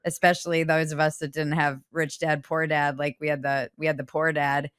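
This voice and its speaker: Lowish-voiced woman host, chatty and jokey, dry close mic. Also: level tone, normal speed, fairly bright tone, clean tone, no echo. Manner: chatty, self-deprecating, laughs easily. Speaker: podcast host. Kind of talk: casual interview chat.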